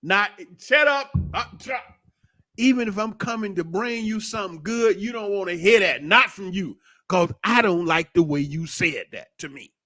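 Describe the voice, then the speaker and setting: A middle-aged man, talking in a casual, preachy monologue that is animated and full of swearing. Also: high voice, normal speed, no room sound. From United States. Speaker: commentator.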